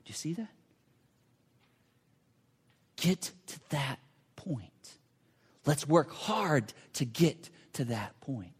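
A man preaching a sermon with a slightly higher than usual voice. He talks earnestly, repeats and restarts his phrases, and sometimes sinks to a near whisper to drive a point home. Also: very animated, slow pace, long pauses, breathy edge. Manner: earnest, repetitive preaching with many restarts and dramatic drops to a hush. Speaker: pastor.

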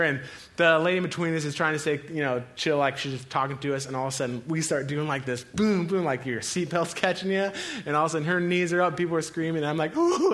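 Upbeat young pastor telling stories. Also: male voice, on the high side, fairly bright tone. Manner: casual storytelling, laughs often, acts out voices. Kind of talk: sermon.

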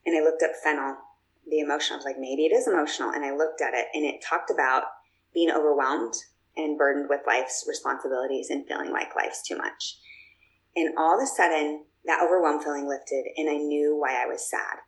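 A guest with a deep voice speaks briskly over poor audio. She tells her personal stories in a casual, chatty manner, using many fillers and restarts.

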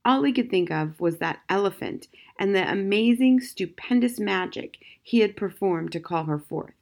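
A woman narrating a children's novel as an audiobook, in a gentle, measured way. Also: medium pitch, lively intonation, vocal fry. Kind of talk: scripted storybook narration.

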